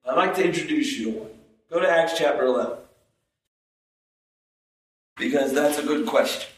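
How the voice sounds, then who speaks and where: A man preaching a sermon as pastor, slow and emphatic, repeating phrases for stress. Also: fairly high pitch. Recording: echoey room, distant mic.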